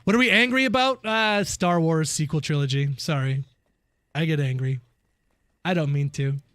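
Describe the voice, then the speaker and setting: High-voiced ranting male game streamer. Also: moderate pace, a bit bright, clean tone, no room sound. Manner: ranting, swears often, laughs at himself; reads and answers chat while playing. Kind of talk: casual live-stream chat.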